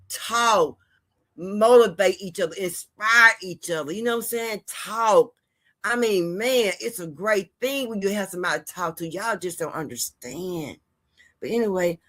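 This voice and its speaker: A woman's mid-range, sharp-toned voice leads a casual vlog monologue on her gossip and news channel. She chats and rambles, addressing viewers directly with heartfelt life advice.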